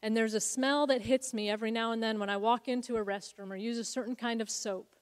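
A woman's voice: a little high, steady tone, fast talker. A woman preaching a sermon as co-founder of a ministry, telling a Bible story in an earnest, reflective way. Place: church sanctuary. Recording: long hall reverb.

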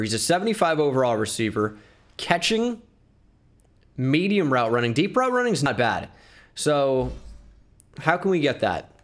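A man giving excitable video game commentary, thinking aloud with bursts of hype. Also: medium pitch. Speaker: gaming YouTuber.

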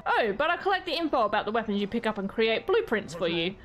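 A woman's voice: fairly high pitch, big pitch swings, quick pace, a bit bright. A woman voicing an eccentric male weapons master, reading game dialogue in close to her own voice. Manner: reads game text, tagging "you could say".

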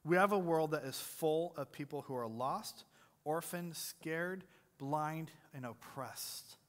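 A man's voice: fairly high pitch, slow, fairly bright tone. A man preaching a sermon as pastor, conversational and jokey, quizzing the congregation between earnest points, in a church sanctuary. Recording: long hall reverb.

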